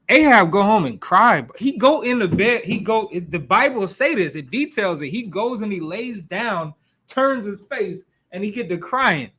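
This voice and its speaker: A man's voice: high voice, normal speed, slightly rough. A man teaching a Bible class in a casual, slangy way, acting out the quotes as he goes. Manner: animated, slangy, acts out quotes.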